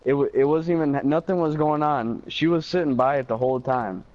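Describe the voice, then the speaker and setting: A man's voice: a little high, a little fast, darkish tone. A young man from Michigan telling a story casually over a game headset, with fillers and swearing. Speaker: gamer chatting on a live stream. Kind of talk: casual chat. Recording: slightly dull party-chat audio.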